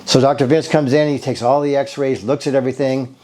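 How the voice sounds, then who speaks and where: A man's voice: mid-range voice, steady tone, fairly quick, mellow. A middle-aged man telling his own story as a patient testimonial, rambling and acting out the conversations he had along the way. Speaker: bodywork therapist giving a patient testimonial. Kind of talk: casual spoken testimonial.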